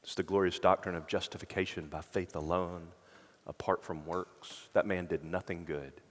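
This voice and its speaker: A male pastor preaching a sermon with earnest conviction, often dropping to a hushed tone for emphasis. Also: low voice, steady tone, moderate pace, big-room sound.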